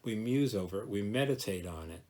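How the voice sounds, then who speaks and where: A man with a low voice gives a devotional talk as a pastor. He speaks gently and reflectively, slowing down to dwell on each word of a scripture verse. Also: expressive.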